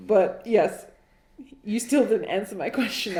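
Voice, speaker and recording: Speaking at a measured pace in a medium-pitched, somewhat mellow voice, a podcast co-host dramatically reads her old writing and ridicules it with laughing, exasperated sarcasm. The recording has a roomy echo and slight background noise.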